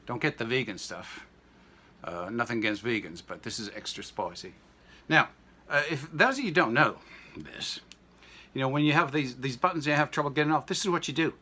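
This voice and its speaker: An older man in his sixties talks his way through making a drink at home, with a bright, sharp edge to his mid-range voice. He rambles, drifts into stories and tosses off wry jokes as he goes. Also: mid-range voice, lively intonation, fairly quick, slightly rough. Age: 60s. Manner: rambling, jokey asides and anecdotes. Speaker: home cooking vlogger. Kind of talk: casual kitchen demo chat.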